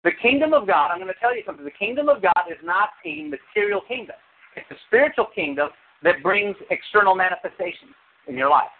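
Man, pastor, sermon, lively swooping pitch, tinny lo-fi sound. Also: quick pace. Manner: animated preaching with sudden high exclamations.

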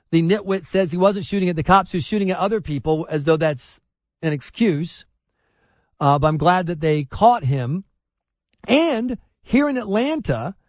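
A man hosting a talk radio show, telling stories in an animated, sarcastic way and mocking people in put-on voices. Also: high voice, dry recording.

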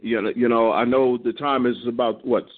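A man's voice: mid-range voice, fairly even intonation, normal speed. An older man leading a ministry prayer call, exhorting and encouraging in a church manner, often repeating words as he searches for them. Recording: tinny phone line.

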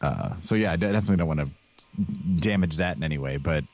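A man's voice: extremely low pitch, fast talker. A man hosting a podcast in casual chat, rambling with many restarts and laughs. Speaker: podcast host.

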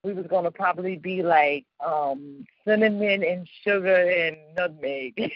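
A woman from the suburbs of Chicago hosting a radio show, telling personal stories in a casual, animated way with slang and frequent laughter. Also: on the low side, measured pace, dry recording, dull audio. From Chicago suburbs, United States. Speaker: radio host. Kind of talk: casual storytelling chat.

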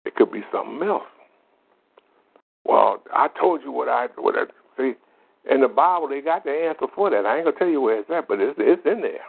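A man's voice: mid-range voice, animated, brisk, gravelly, slightly rough. Plain-spoken man, tinny phone audio. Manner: plain-spoken, folksy storytelling. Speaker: lay minister. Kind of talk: informal testimony monologue.

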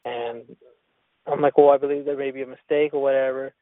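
A man's voice: mid-range voice, level tone, fairly quick, no room sound. A man telling a rambling story in casual chat, with lots of profanity and restarts. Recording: tinny phone-line sound.

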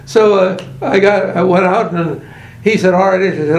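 A man in a Bible study group telling a personal story haltingly, with many pauses and restarts. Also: high voice, roomy sound, a little hiss or hum, poor audio.

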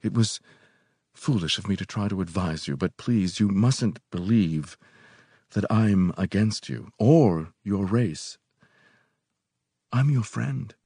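A man reading aloud and voicing a nervous, pained young northern gentleman with a strained, apologetic manner. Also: fairly low pitch, animated, slow pace, pauses often, slightly rough, dry recording, studio quality, heavily acted. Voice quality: strained, apologetic, rising to agitated.

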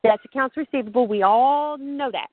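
Woman, Southern accent, phone call host, higher voice, chatty, tinny line. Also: normal speed. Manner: chatty, laughs often, acts out quoted conversations. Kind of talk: teaching on a group phone call.

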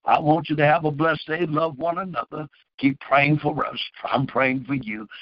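A man's voice: fairly high pitch, steady tone, normal speed, no room sound, lo-fi sound. A man preaching and praying as pastor, with fervent pleading questions. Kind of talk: sermon and prayer.

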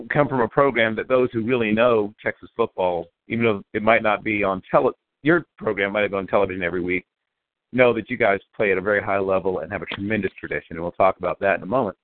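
A man's voice: on the low side, fast, no echo. A male radio host interviewing football prospects, asking long, winding questions that restart often. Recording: phone-line call.

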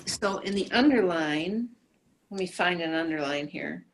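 A woman's voice: lowish voice, lively intonation, a little slow, a little hiss or hum. A woman in a group discussion, tentative and thinking aloud.

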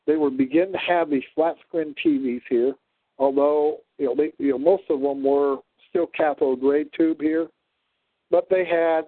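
Male host, rambling monologue, fairly high voice, phone-quality audio. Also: no room sound. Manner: rambling, with many fillers and restarts. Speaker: show host. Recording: dry, phone-like line.

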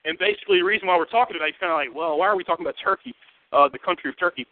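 A man with a Southern US accent preaching a sermon to his church, lively and joking in a conversational way. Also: high voice, rapid-fire, dry recording. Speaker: pastor. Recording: tinny, phone-like and dry.

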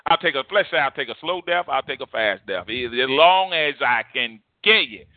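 A man's voice: medium pitch, expressive, moderate pace, no room sound, close to an everyday voice. A man voicing the sinful flesh as a male figure, pleading and taunting, repeating itself over a tinny phone-like line.

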